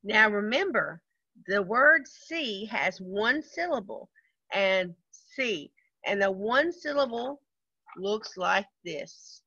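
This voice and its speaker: Slow, patient woman teaching young kids. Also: medium pitch, animated, sharp tone, breathy edge, no echo, highs cut off. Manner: slow, patient, sing-song counting aloud. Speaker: first grade music teacher. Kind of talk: online lesson for young children.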